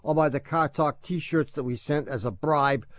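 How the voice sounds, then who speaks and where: A man's voice: a little high, normal speed, dry recording. Wisecracking male radio co-host, dry sound. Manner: wisecracking, deadpan comebacks. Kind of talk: joking radio banter.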